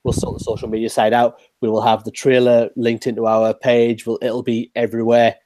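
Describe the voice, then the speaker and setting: A man co-hosting a podcast in casual chat, excitable and quick to laugh. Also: medium pitch, no room sound. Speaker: podcast co-host. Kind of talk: casual fan discussion.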